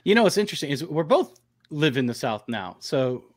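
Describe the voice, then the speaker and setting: A man from the northern United States co-hosting a live podcast, relaxed and easygoing in casual banter. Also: a little high, brisk. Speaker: podcast co-host. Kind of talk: casual live-stream chat.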